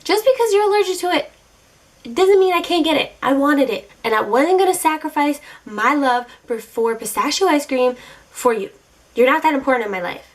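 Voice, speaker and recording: A woman's voice: high voice, fairly quick. Sassy woman telling dating stories. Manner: animated, exasperated, sassy. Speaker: vlogger. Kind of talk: casual storytelling to camera.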